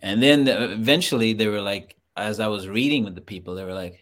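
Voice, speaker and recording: This man's voice is on the low side and brisk, carrying a Trinidadian accent. He's from Trinidad and is a guest actor, laughing through animated stories in a casual chat.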